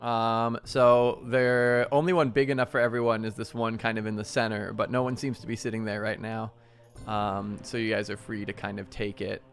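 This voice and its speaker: A man's voice: on the low side, flat delivery, normal speed. Casual man narrating a tabletop game. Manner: loose, casual, with many fillers. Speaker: game master.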